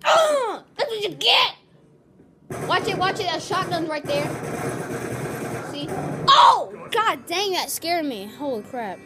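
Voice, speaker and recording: A woman giving excited gameplay commentary, yelling loud reactions and trash talk at the game. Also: very high voice, measured pace, pauses often, heavy background noise.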